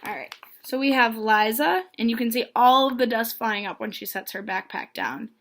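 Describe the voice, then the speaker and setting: Woman reading to kids, chapter book, fairly high pitch, friendly guiding tone. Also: normal speed, a bit bright. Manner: friendly, guiding young listeners through pictures. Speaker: read-aloud storyteller. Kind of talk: reading a children's book aloud.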